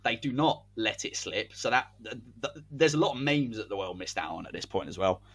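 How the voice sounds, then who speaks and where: A man co-hosting a podcast, telling a made-up sports story in animated, commentary-like casual chat. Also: on the low side, a little fast. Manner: animated, spins a hypothetical tale like match commentary. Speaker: podcast co-host.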